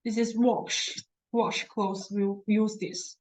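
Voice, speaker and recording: A woman's voice: mid-range voice, little pitch movement, slow, darkish tone, poor audio. A woman teaching a language lesson who explains patiently, repeats words for practice and often corrects herself mid-sentence. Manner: self-correcting, searches for words.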